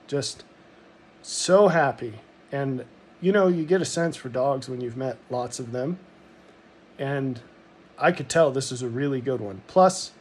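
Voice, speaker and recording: A man's voice: mid-range voice, darkish tone, slight background noise. A middle-aged man from Montana telling a personal story in a rambling, reflective monologue, full of ums and restarts.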